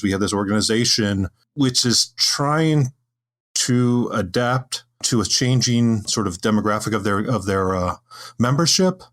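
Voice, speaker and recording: A man on a podcast panel, talking things through casually with lots of restarts and fillers. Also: mid-range voice. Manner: hesitant, many restarts and fillers.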